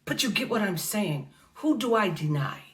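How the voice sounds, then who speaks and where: A woman's voice: mid-range voice, very animated, normal speed, recorded from a distance. A woman from the United States giving an impassioned faith talk at an awards event, preacherly and repetitive, calling listeners honey and baby.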